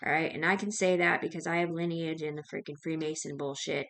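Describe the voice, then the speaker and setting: Bright-voiced woman rambling on a livestream. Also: low voice, fairly even intonation. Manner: profane, run-on, hurried. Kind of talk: rambling casual monologue.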